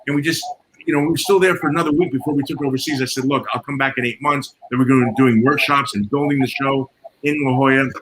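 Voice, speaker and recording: Male guest, a sound engineer spinning lively anecdotes over audible background noise. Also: mid-range voice, fast talker, rough recording. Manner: animated storyteller, acts out quoted dialogue. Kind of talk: storytelling in casual chat.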